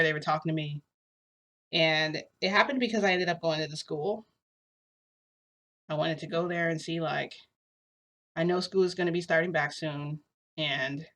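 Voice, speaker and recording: A woman with a somewhat low voice tells a personal story to her viewers. She talks casually and loosely, filling her sentences with "like" and "you know". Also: fairly bright tone. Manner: rambling, full of "like" and "you know". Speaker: vlogger.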